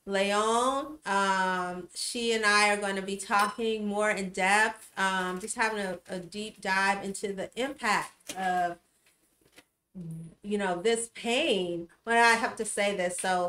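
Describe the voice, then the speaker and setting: A woman's voice: lowish voice, echoey room. A woman hosting a casual livestream, greeting viewers by name with many fillers. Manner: warm shout-outs to viewers, many fillers. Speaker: livestream host.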